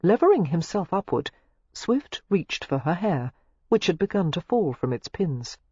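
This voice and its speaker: An audiobook narrator reading a novel aloud in an expressive, scripted style. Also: measured pace, slightly rough, no echo. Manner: expressive, shifting pitch through the narration. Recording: dull lo-fi dry recording.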